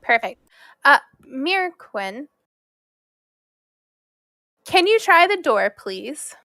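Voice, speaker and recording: Casting note: high, bright woman player, lively pitch, composed and polite, dry recording. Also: very slow, no echo. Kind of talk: casual tabletop role-play.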